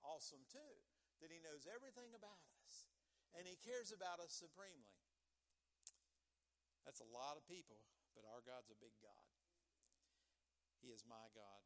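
Male preacher, slightly high voice, homespun and emphatic. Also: animated, normal speed, long pauses, a bit bright. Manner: folksy, chuckling asides; emphatic, repeats key phrases. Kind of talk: sermon.

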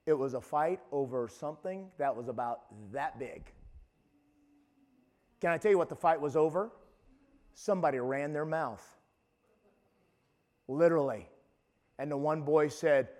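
Male pastor with a high voice, preaching emphatically with many restarts. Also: moderate pace, long pauses, darkish tone. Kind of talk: sermon.

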